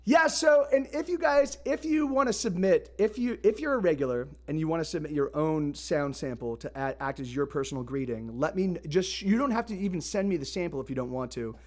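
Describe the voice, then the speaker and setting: A man's voice: a little high, expressive, fairly quick, hardly any pauses, darkish tone. A man hosting a live music stream, chatting casually and rambling in a friendly way as he greets viewers by name. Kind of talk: casual livestream chat. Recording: guitar music in the background.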